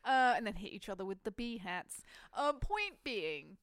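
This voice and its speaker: A woman's voice: mid-range voice, animated, moderate pace, fairly bright tone, clean tone, dry recording, clean studio sound. A woman, hosting a podcast in casual, jokey chat and laughing often. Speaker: podcast host.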